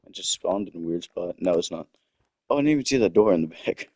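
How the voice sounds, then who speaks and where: A man's voice: deep voice, lively intonation, quick pace, darkish tone, no echo. A young man telling a personal story casually while playing a game, often breaking off to comment on what he finds. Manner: rambling, self-interrupting with game asides. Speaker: gaming storyteller. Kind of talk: casual storytelling over gameplay. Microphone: desktop microphone.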